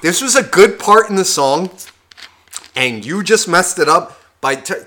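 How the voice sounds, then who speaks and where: A man's voice: high-pitched, measured pace. A man co-hosting a casual podcast, telling comic stories with lots of swearing and acting out what other people said. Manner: animated, swears a lot, acts out other people's lines. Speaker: podcast co-host. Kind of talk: casual chat, comic storytelling.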